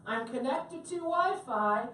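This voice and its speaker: A woman's voice: high-pitched, animated, slow, fairly bright tone. A woman teaching a tech class to a live audience on a cruise ship, chatty and joking and asking the room questions. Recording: very echoey room, mic at a distance.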